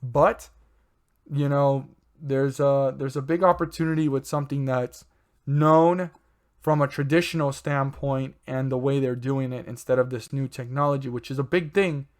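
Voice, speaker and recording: A man talks through a stock in a loose, unscripted way. He rambles, corrects himself and fills pauses with "um" and "right?". His voice sits at an ordinary middle pitch. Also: steady tone. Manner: rambling, self-correcting, filler-heavy. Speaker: stock market channel host. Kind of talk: casual rambling commentary.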